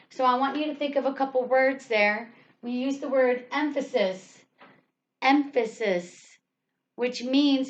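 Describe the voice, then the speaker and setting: A woman teaching an English grammar lesson, speaking patiently and leaning hard on the words she wants stressed. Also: on the high side. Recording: dull lo-fi sound.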